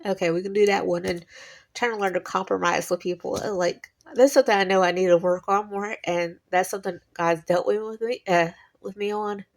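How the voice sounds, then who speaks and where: A woman's voice: mid-range voice, steady tone, brisk. A woman, chatting in a rambling personal monologue and laughing between thoughts. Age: 40s. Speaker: vlogger.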